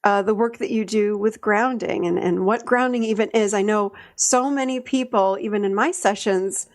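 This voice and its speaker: A woman co-hosting a podcast, talking excitedly and rambling a little, with frequent "um" fillers as she introduces a guest. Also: mid-range voice, normal speed. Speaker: podcast co-host. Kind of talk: podcast conversation.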